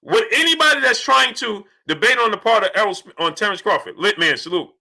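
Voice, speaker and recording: A man hosting a boxing livestream, asking rhetorical questions over and over and giving shout-outs to the viewers in the chat. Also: high-pitched, animated, quick pace, vocal fry. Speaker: boxing channel host. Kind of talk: livestream commentary, reading chat.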